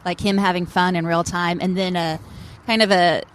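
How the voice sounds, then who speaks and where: A woman's voice: lowish voice, level tone, moderate pace, a little hiss or hum. A woman guest on a podcast, talking about dating apps in a laid-back, chatty way. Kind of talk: casual chat.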